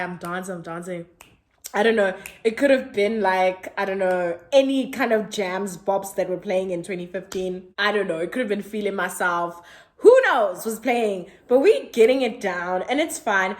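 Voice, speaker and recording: A young woman telling a casual storytime, animated and slangy, full of asides. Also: mid-range voice, moderate pace. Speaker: vlogger.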